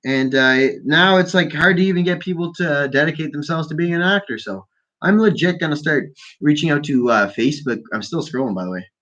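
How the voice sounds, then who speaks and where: A man's voice: fairly high pitch, lively intonation, brisk, fairly bright tone, dull audio. A man hosting a live call-in show from Canada, stoned and ranting about politics in a profane, rambling, mocking way. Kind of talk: casual stoned political rant.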